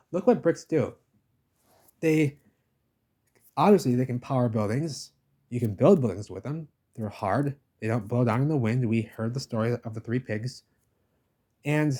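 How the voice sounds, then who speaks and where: A man's voice: medium pitch, warm tone, breathy edge. Ranting man filming a village walk. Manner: ranting, insistent, talks at the camera with repeated "baby". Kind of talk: casual walking-tour vlog monologue. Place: outdoors in a village street.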